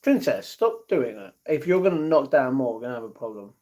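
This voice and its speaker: A man's voice: mid-range voice, big pitch swings, a little fast, darkish tone. A man chatting casually on his live stream, answering viewers' messages and talking to his pets between replies.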